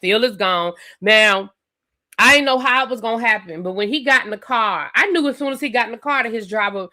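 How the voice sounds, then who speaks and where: A woman hosting a live TV review stream, recapping an episode in a chatty, animated way with lots of fillers and asides. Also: a little high, brisk. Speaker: TV review channel host.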